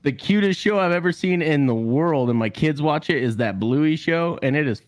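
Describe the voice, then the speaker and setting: A man's voice: fairly high pitch, animated, normal speed. A middle-aged man hosting a casual group chat, blunt and profane, laughing through his banter. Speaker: regular host.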